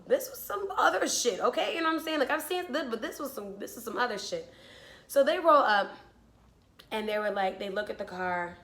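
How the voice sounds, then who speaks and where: A young woman telling a storytime vlog, casual and full of swearing and "like", acting out what people said. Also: mid-range voice. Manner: casual, swearing, heavy use of "like", acts out quotes. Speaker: vlogger.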